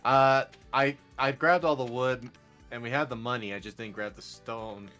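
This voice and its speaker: A man's voice: mid-range voice, fairly even intonation, normal speed, sharp tone, soft background music. A man streaming a farming game with a friend in casual chat, playful and laughing often, with mock-offended teasing.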